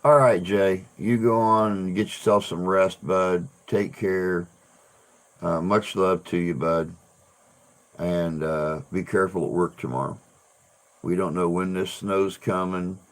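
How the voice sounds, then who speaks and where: A man's voice: sits low, steady tone, unhurried. A man hosting a casual livestream chat, rambling and restarting his sentences, with the odd swear word. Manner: rambling, repeats words, swears. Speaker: livestream host.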